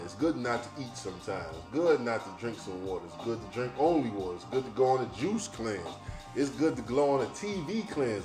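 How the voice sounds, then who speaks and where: A man's voice: mid-range voice, darkish tone. A man hosting a podcast, reading news headlines aloud and ranting about them in a blunt, profane, sardonic way. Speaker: podcast host. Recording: roomy echo, faint music.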